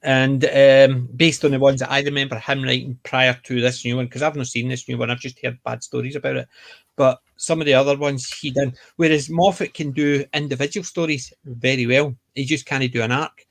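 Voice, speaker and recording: A man's voice: medium pitch, little pitch movement, fairly quick, gravelly. A man on a fan panel in casual chat, opinionated and acting out little quotes. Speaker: podcast panelist.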